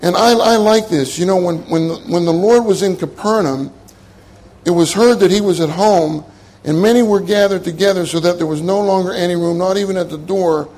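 A man's voice: high voice, moderate pace, a little mellow. An older man preaching a sermon in a conversational way, repeating his key phrases and laughing at his own jokes.

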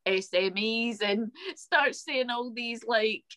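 A woman co-hosting a podcast, chatting in an enthusiastic, lively way. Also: on the high side, slow, no room sound. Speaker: podcast co-host. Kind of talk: casual chat.

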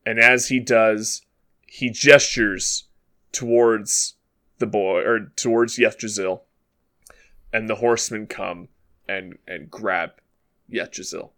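A man narrating a tabletop role-playing game as game master, relaxed and hesitant, with frequent fillers. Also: on the low side, slow pace, long pauses.

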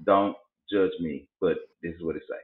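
A man's voice: sits low, normal speed. A man hosting a casual talk show tells his stories with lots of animation, jumping into other people's voices as he goes. His sound is thin and phone-like, with a noticeable echo from the room around him. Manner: animated storyteller acting out voices. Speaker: podcast host. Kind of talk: casual chat. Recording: tinny phone-like audio in an echoey room.

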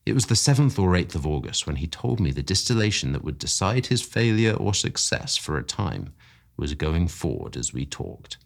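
Deep husky guy reading an old story, voice goes up and down a lot. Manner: measured, expressive storytelling. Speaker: story reader. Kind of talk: audiobook narration.

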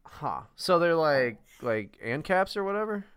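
A man's voice: on the high side, big pitch swings, a little slow, fairly bright tone, clear, resonant tone. Rambling, laughing male podcast co-host. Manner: rambling, profane, laughs often. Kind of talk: casual podcast chat.

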